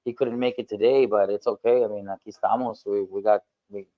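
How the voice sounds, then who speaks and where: A man's voice: lowish voice, steady tone, brisk, dull audio. A man appearing as a guest singer on a podcast, talking casually and switching between English and Spanish.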